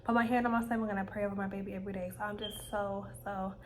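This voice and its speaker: A young woman from the United States chatting in a casual sit-down vlog at home, animated and emotional, with plenty of "like" and "y'all.". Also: medium pitch, rapid-fire, a little hiss or hum. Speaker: vlogger.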